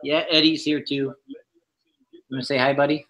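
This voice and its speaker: A man hosting a casual livestream, rambling in a relaxed way with lots of fillers as he shows off his kitchen. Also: on the high side, normal speed, background noise. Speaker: livestream host. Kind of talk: casual chat, showing his kitchen pantry on stream.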